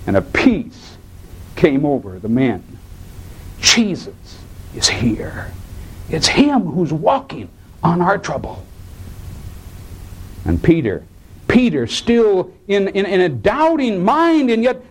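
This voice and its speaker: Dramatic preacher man, soaring and hushed. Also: high-pitched, big pitch swings, slow, pauses often, breathy edge, poor audio. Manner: acts out quoted voices in his preaching. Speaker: pastor. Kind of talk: sermon.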